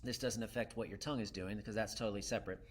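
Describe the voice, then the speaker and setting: A man's voice: lowish voice, steady tone, racing, slightly rough. A man teaching a saxophone lesson, counting students in and demonstrating with sung syllables. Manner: counts in and calls turns. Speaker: music teacher.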